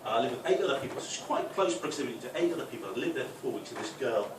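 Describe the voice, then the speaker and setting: A young man from the North East of England with a softened Geordie accent, doing a chatty stand-up routine. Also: medium pitch, lively intonation, very fast. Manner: chatty, with tag questions; loud put-on voices for punchlines. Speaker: stand-up comic. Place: club function room. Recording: echoey room, distant, noisy.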